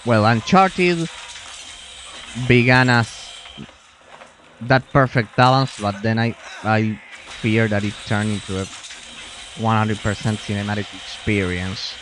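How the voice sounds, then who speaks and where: Slow, low-voiced man commenting on gameplay. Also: a bit bright, a little hiss or hum. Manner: rambling, frequent restarts and muttered asides while playing. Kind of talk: casual let's-play commentary.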